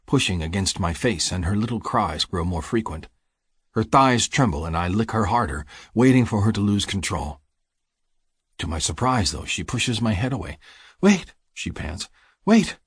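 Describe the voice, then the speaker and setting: Deep husky male audiobook narrator. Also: no room sound, studio quality. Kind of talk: first-person audiobook narration.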